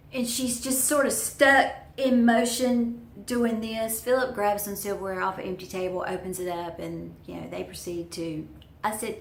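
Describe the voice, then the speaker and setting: A woman's voice: mid-range voice, normal speed, vocal fry, echoey room, slight background noise. A woman telling a personal story to her viewers in a chatty, folksy way. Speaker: vlogger. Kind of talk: storytelling vlog.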